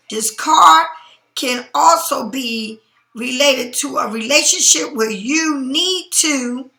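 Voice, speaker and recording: Woman tarot reader, casual reading, high bright voice, blunt and profane, a bit sleepy, echoey room. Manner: blunt, emphatic, swears freely. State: sleepy, yawning.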